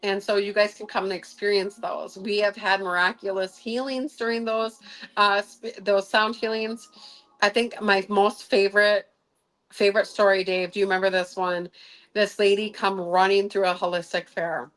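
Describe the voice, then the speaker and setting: A woman's voice: medium pitch, little pitch movement, moderate pace, a bit bright, rough recording. A woman hosting a casual livestream as a sound healer. She talks in a chatty, rambling way with many filler sounds.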